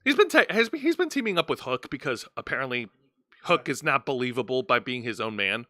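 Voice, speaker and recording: Bright, dry-sounding man recapping matches. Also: mid-range voice, sing-song, fairly quick, no room sound. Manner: explanatory, stumbling restarts, laughing at partner. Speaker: podcast host. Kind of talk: casual wrestling review chat.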